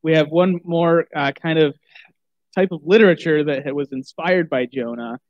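A man's voice: fairly high pitch, normal speed, no room sound, dull audio. A man co-hosting, chiming in with brief, friendly comments. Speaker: podcast co-host. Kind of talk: casual chat.

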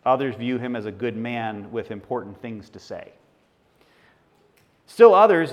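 With a mid-range voice, a male pastor preaches in a church, teaching through scripture conversationally and posing questions to the congregation.

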